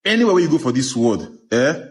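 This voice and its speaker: A Nigerian man with a Pidgin-tinged English accent gives casual, step-by-step advice. His pitch is mid-range, and he keeps checking in with listeners in an instructive way. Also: very animated, fast. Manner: instructive, checks in with "you understand?". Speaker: advice-giver.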